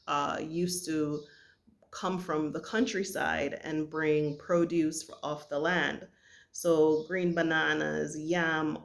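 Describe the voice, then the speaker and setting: Slow-spoken, earnest woman from Jamaica. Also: deep voice, creaky. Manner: earnest, halting, with many pauses and fillers. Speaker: vlogger. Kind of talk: reflective personal storytelling.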